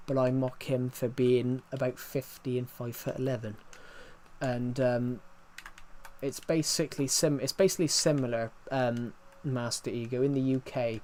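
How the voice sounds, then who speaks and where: A man's voice: mid-range voice, darkish tone, slight background noise. A man, chatting casually on a live stream, answering chat with many fillers and restarts. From England.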